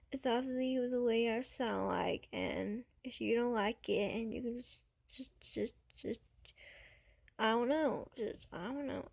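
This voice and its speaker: A woman's voice: fairly high pitch, creaky, darkish tone. A woman vlogger with a childlike, babyish voice, talking hesitantly and defensively to camera with many fillers. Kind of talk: casual talk to camera.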